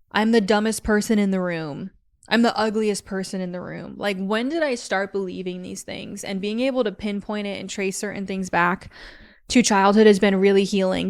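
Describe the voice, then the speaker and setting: Candid young woman with a smooth voice. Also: medium pitch. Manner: candid, confessional, many "like" fillers. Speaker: podcast host. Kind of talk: personal faith talk.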